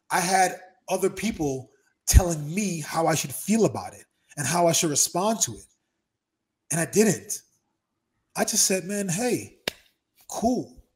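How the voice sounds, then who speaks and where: Interview guest: man, fairly high voice, emphatic and animated storyteller. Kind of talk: casual interview talk.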